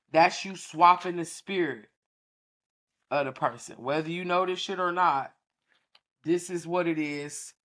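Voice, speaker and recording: A woman's voice: on the low side, fairly bright tone. A woman hosting a podcast, talking frankly and profanely to her listeners in a casual preachy monologue, often checking in with them. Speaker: podcast host teaching a class.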